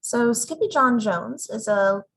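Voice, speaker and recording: A woman's voice: a little high, lively intonation, measured pace, husky, poor audio. A woman hosting a casual story time, reading a picture book aloud and stumbling now and then over hard names. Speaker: storytime host.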